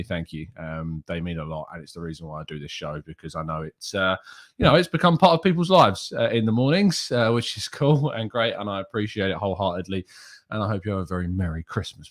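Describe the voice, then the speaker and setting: A young man hosting a casual live stream, chatting and reading out viewers' names and comments. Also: on the low side. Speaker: host.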